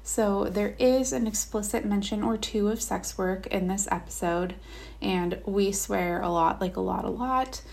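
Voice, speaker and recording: Upbeat woman podcast host, gravelly edge. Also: medium pitch, measured pace, a little mellow. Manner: upbeat, hyped, swears casually. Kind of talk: casual podcast talk.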